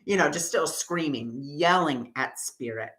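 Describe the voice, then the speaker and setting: Bright-voiced man teaching a spiritual workshop. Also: on the high side, a little slow, low-quality recording. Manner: animated storytelling, acting out his own past outbursts. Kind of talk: workshop teaching through personal story.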